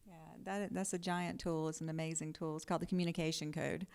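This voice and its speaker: A woman speaking on a business panel, explaining quickly and acting out examples of how she talks with her husband. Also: low voice, little pitch movement, a little mellow, smooth. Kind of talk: casual panel talk.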